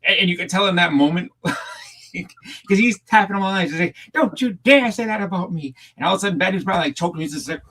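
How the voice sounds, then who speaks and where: A man's voice: sits high, fast talker, sharp tone, low-quality recording. A man chatting casually on a livestream panel, telling long rambling stories full of restarts and fillers. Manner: rambling storyteller with many restarts. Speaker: panel co-host. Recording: home setup over a livestream.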